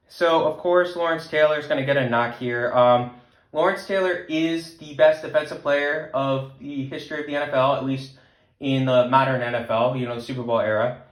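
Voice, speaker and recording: A man's voice: fairly high pitch, fairly bright tone. Ranting young man in an echoey room. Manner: heated, mocking rant with emphatic repetition. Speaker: sports vlogger. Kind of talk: fan rant.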